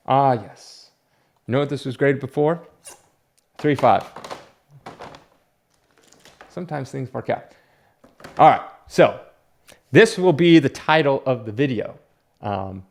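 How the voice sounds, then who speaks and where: Brief: casual male vlogger, rambling storyteller, average pitch. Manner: chatty, rambling storyteller with frequent fillers and restarts. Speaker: comic book collector vlogger. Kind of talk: casual vlog chat.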